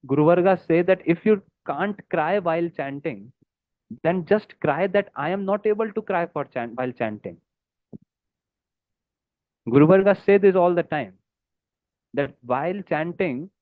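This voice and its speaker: A man delivers a devotional lecture in a somewhat high voice, earnest and pleading. The sound is dry and narrow, like a phone line. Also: no echo. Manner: earnest, pleading tone, quotes Sanskrit verses.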